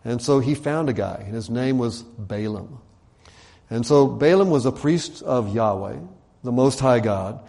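A man telling a story as a sermon in a conversational way, acting out the quotes with fillers and asides. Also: medium pitch. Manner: conversational, animated retelling with voiced quotes and fillers. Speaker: preacher.

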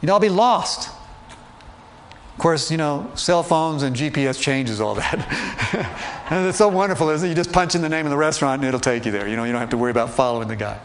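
A male preacher whose speaking voice sits a little higher than most men's. He talks through the sermon like a chat, with light humor and frequent questions put to his listeners. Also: fast, a little hiss or hum. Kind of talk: conversational sermon.

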